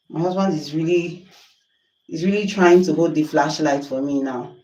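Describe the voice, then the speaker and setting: A woman's voice: sits low, moderate pace, dark tone, echoey room, distant mic, rough recording. A Nigerian woman chatting on a livestream while cooking at home, exasperated and apologetic. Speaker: livestream host. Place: home kitchen.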